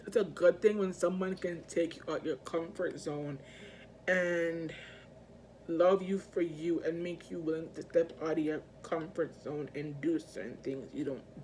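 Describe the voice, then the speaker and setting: A woman's voice: fairly low pitch, a little hiss or hum. A woman filming a personal video update, talking in an earnest, emotional way that rambles and halts, full of fillers and restarts. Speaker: vlogger. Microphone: self-filmed camera mic.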